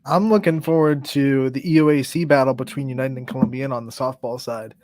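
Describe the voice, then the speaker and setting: A man's voice: medium pitch, steady tone, fast, darkish tone, dry recording, clean studio sound. A man co-hosting a sports show, laying out upcoming games in detail. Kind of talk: casual sports chat.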